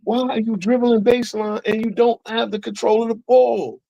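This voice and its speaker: Man, casual sports stream chat, excitable, voice jumps up when frustrated, dry close sound. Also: very high-pitched, moderate pace, vocal fry, no room sound, dull audio. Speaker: live stream co-host.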